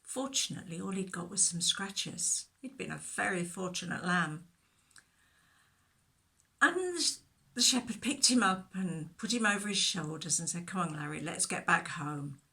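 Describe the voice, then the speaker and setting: Slow, bright woman telling a children's story. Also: medium pitch, vocal fry. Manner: expressive, with whispered asides. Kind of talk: Bible story told to children.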